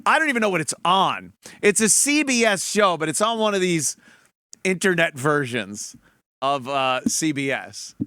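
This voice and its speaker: A man's voice: a little high, animated, measured pace, bright, forceful tone, no echo, clean studio sound. A talk show host, a man, mocking a trailer in a profane comedic rant and laughing often.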